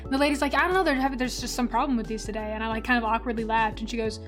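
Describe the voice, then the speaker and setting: High-pitched, laughing, casual, profane woman streamer, quiet music underneath. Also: very fast. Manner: animated, laughs often, swears freely. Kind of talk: casual storytelling while drawing on stream.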